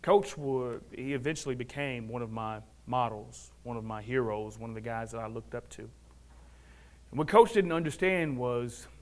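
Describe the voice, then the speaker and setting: A man speaking at a men's fellowship, telling a personal testimony story in an animated way and acting out the people in it. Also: mid-range voice, normal speed.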